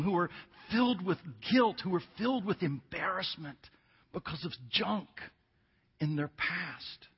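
Guest preacher, man, slightly high and husky, animated storyteller, church hall recording with reverb. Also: dull audio. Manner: animated storytelling, jokes with the congregation. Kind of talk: sermon with humorous story. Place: church sanctuary.

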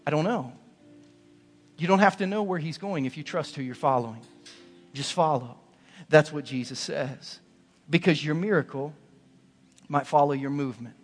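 A man's voice: fairly high pitch, moderate pace, pauses often, soft background music. A male pastor preaching a sermon in a church sanctuary, driving points home with emphatic, building repetition. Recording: long hall reverb in a sanctuary.

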